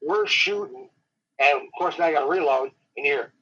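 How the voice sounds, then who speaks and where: Rambling storyteller, man with a husky, slightly high voice, dull lo-fi interview audio. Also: huge pitch swings, fairly bright tone. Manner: rambling, dramatic, slows down for suspense. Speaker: professional wrestler guest. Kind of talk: animated storytelling.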